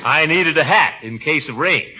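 A self-important middle-aged official who blusters and chuckles, his pitch swinging widely. It's 1940s radio comedy, heard through a dull old recording with a studio audience behind. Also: lively intonation, moderate pace, pushed and bright, breathy edge, a faint crowd, heavily acted. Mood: blustering. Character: pompous middle-aged man, blustering and easily flustered. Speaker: small-town water commissioner.

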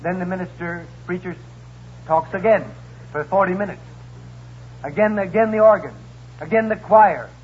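A man on a radio comedy panel telling a joke in a folksy, unhurried way. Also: high-pitched, slight background noise. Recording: dull old radio recording.

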